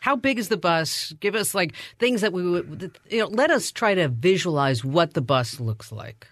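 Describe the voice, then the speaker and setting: A woman hosting a podcast, telling a story in a casual, animated, self-mocking way and interviewing her guests. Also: on the low side, normal speed, no room sound, clean studio sound. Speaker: podcast host.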